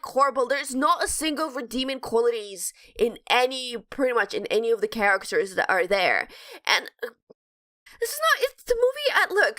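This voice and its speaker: A woman's voice: sits high, pushed and bright. A woman co-hosting a podcast, chatting casually and ranting, rambling with many restarts. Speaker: podcast co-host. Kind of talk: casual chat.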